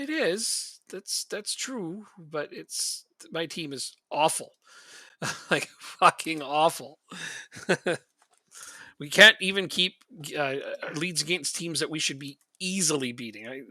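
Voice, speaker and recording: A man's voice: fairly high pitch, animated, a little slow, bright, forceful tone, no echo, studio quality. A man streaming a game, chatting casually and venting his frustration with frequent laughs. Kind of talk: casual gaming chat.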